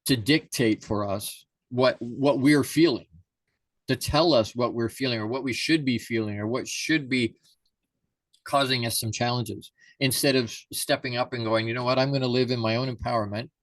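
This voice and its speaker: A man's voice: medium pitch, fairly even intonation, moderate pace, dry recording. Emphatic male mindset coach. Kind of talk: conversational interview.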